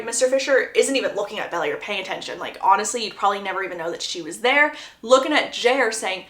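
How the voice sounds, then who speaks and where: A woman's voice: on the high side, quick pace, few pauses. Chatty woman recapping a book plot. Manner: chatty, expressive, amused asides. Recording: roomy echo.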